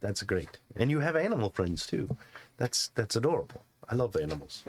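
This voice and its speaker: A man voicing a gentle old man who loves animals, speaking softly and fondly. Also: mid-range voice, big pitch swings, normal speed, a little hiss or hum, voice pushed down, natural voice. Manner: soft, fond, soothing.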